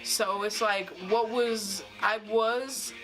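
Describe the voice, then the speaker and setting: A woman's voice: on the high side, fairly even intonation, slow, over music, low-quality recording. Young woman rambling in a storytime vlog. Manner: rambling, full of "like" and restarts. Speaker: vlogger.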